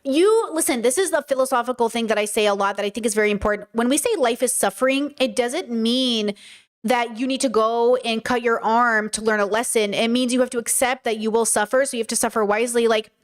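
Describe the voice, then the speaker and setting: A streamer reacting to videos gives live commentary straight to her chat, calling her viewers "girlies." Her voice is bright and high, fairly quick, emphatic and casual. She stacks up rhetorical questions and often makes the same point twice.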